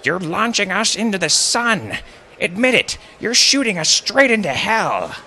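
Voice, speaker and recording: A man's voice: high voice, big pitch swings, measured pace, sharp tone, voice pushed up, exaggerated voice. A man doing a shrieking paranoid old woman. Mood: frantic. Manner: screeching like a crow.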